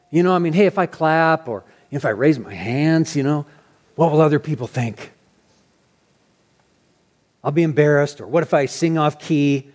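A man preaching a sermon as pastor, earnest and animated, sometimes restarting his phrases. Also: fairly high pitch.

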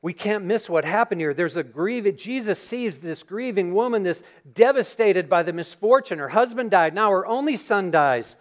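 Preaching his Sunday sermon in the church sanctuary, this pastor speaks at a moderate pace with few pauses, his pitch high for a man. Scripture reading gives way to lively storytelling as he acts out the scene for his congregation.

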